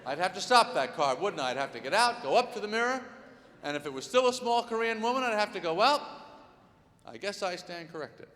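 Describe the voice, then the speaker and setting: A man performing a live stand-up routine in a large concert hall, with exasperated, incredulous observations and quick voice impressions. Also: high-pitched, expressive, a bit bright. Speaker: stand-up comedian. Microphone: soundboard feed from a stage mic. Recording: live hall board recording with faint reverb.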